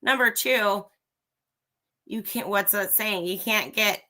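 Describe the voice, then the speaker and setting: A woman's voice: mid-range voice, takes it slowly, sharp tone. A woman hosting a livestream, giving a blunt, profane opinion rant straight to her viewers. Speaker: livestream host. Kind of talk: ranting live commentary.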